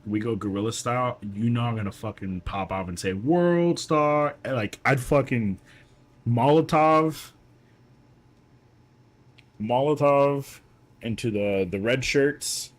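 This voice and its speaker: A man's voice: lowish voice, normal speed, hardly any pauses, husky. A man chatting casually while streaming a game, rambling and joking with plenty of swearing. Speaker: gaming streamer. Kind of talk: casual chat while playing.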